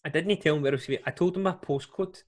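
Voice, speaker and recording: A young Scottish man telling a long funny story on a podcast, rambling, animated and laughing often. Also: on the high side, fast, crowd noise. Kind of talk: casual storytelling.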